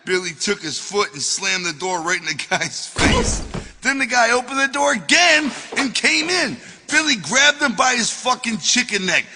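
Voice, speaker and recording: A man's voice: sits high, animated, moderate pace, pushed and bright, in a large hall. A man reading his own memoir aloud as an audiobook, telling it in a profane, wisecracking way.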